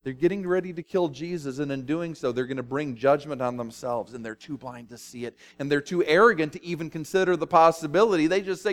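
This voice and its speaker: A man preaching a sermon as pastor, talking conversationally and with animation, with dramatic pauses and asides. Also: on the high side.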